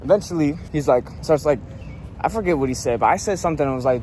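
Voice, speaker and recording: Young male vlogger, slightly high voice, cursing, rambling storytime rant, faint background noise. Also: expressive, fast, a little mellow. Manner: profane, annoyed, rambling with many fillers.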